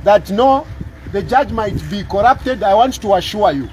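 This middle-aged public lawyer, Zambian-accented, makes a fervent appeal to camera, emphatically repeating himself and adding "eh?" to prompt agreement. His voice is high-pitched and animated at a normal speed. The audio sounds dull, and the background is noisy.

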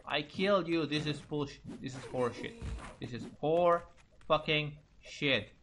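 A man's voice: a little high, a little slow, a bit bright, a little hiss or hum. A young man commentating a let's play, frustrated, swearing, muttering and repeating himself at a hard boss. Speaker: gaming channel host.

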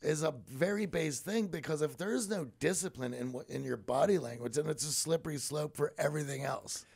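A man in his forties from Pittsburgh with a heavily gravelly, fry-laden voice sitting a touch high. He is a podcast guest, telling personal stories in an earnest, reflective way with plenty of asides. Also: fairly quick, a little mellow. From Pittsburgh, USA. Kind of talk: conversational storytelling.

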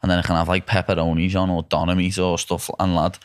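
A man's voice: sits low, flat delivery, quick pace, clean tone. A man with a Scouse accent hosting a casual podcast chat, slangy and chatty, saying "lad" all the time. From Liverpool, England. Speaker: podcast host.

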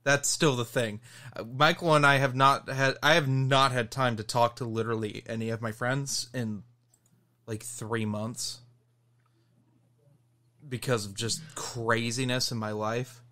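A man co-hosting a casual podcast, telling an animated story and laughing as he goes. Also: medium pitch, unhurried. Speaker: podcast co-host.

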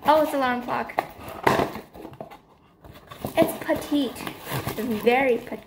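Brief: teen girl vlogger, bubbly and giggly, higher voice, noisy handheld phone audio. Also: takes it slowly, long pauses. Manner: chatty, upbeat, giggly. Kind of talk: casual vlog chat.

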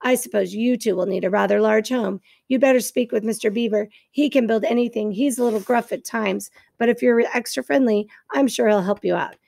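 A woman's voice: a little high, a little fast, gravelly, hardly any pauses, a little mellow, no echo, clean studio sound. A woman voicing a bossy, sensible female goose who speaks firmly and matter-of-factly in a storybook. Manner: firm and matter-of-fact.

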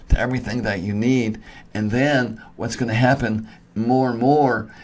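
A man preaching a recorded sermon, earnest and emphatic, who often restarts words and asks his listeners "amen?". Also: lowish voice.

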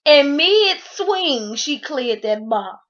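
A woman with a fairly high voice, telling a show recap in an excitable, slangy way and acting out the lines. The recording is dull and lo-fi. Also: drawn-out words. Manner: excitable storytelling, slangy, acts out quotes. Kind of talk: animated reality-show recap.

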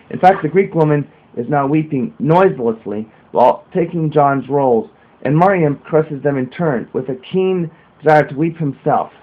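A man reading a religious text aloud slowly, adding small explanatory comments and restarts. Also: a little high. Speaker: reader. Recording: narrow phone-like sound.

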